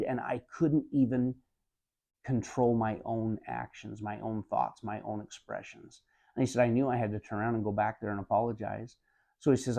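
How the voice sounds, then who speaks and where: A man's voice: mid-range voice, vocal fry, mellow. A man giving earnest spoken commentary on a book, retelling an anecdote, repeating "he said" often and calling listeners "my friends". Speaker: motivational speaker summarizing a book.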